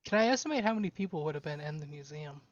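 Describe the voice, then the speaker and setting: A woman's voice: low voice, expressive, very fast, dry recording. A woman playing a tabletop game, thinking aloud as she works things out, heard through a dull lo-fi mic. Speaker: player. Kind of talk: casual tabletop game chat.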